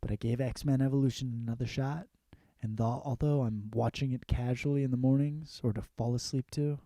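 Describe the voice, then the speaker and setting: A man's voice: medium pitch, steady tone, brisk, dark tone, no echo. A young man hosting a comedy podcast, rambling and swearing through a casual monologue about movies and TV. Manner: profane, rambling, mimics movie lines. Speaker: podcast host.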